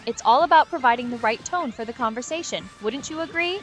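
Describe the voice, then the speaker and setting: A woman's voice: fairly high pitch, lively intonation, quick pace, faint music behind. Sarcastic synthetic woman's voice. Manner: sarcastic, witty, mock-exasperated. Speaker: AI voice companion. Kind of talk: sarcastic chatbot banter.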